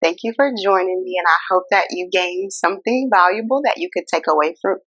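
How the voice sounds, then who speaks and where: A woman hosting a casual self-help talk. She speaks in an animated, incredulous way, addresses viewers as y'all, and. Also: on the low side, brisk, dry recording, highs cut off. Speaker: host.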